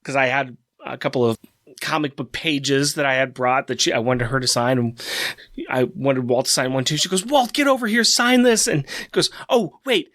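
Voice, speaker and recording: Excited, animated podcast co-host, male. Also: medium pitch, normal speed, no room sound, clean studio sound. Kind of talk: casual chat.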